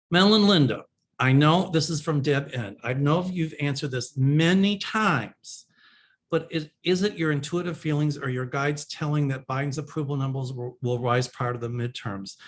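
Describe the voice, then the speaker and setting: Chatty plain-spoken man, mid-pitched voice. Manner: chatty, plain-spoken, loose slangy phrasing; reads viewers' questions aloud, then answers in a reassuring predictive tone. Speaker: psychic answering viewer questions. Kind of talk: casual one-person video reading and answering questions.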